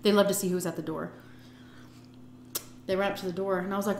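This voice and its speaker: A middle-aged woman tells a story from her own life on her home vlog, blunt and unfiltered, with swearing. Her voice sits at an ordinary pitch for a woman. It carries a roomy echo from the indoor space. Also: steady tone, a little fast, a little mellow, slight background noise. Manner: blunt and profane, vivid retelling. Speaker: storytime vlogger. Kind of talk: casual storytelling. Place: indoors at home, eating on camera.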